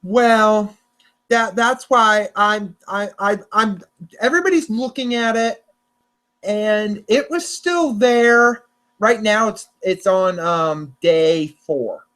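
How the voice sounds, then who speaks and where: Young male host, high voice, chatty and rambling, stumbles and corrects himself. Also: takes it slowly, fairly bright tone. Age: young adult. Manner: rambling, restarts and self-corrections. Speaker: podcast host. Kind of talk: casual chat about storm forecasts.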